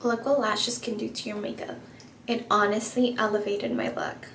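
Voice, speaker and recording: A young woman vlogging while she does her makeup, telling a story in a chatty, animated way full of fillers. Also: medium pitch, normal speed. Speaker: beauty vlogger. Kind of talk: casual get-ready-with-me storytelling. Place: home room while doing makeup. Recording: echoey room with faint ambient noise.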